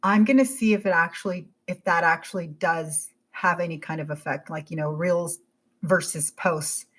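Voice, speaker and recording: A woman in her forties, a podcast guest, telling her story in a casual, animated way and acting out her own thoughts. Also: lowish voice, moderate pace. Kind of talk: casual interview chat.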